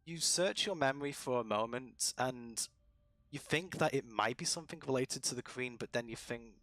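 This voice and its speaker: A man running a tabletop game as dungeon master, narrating at a relaxed pace with many pauses and ums. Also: medium pitch, dry recording.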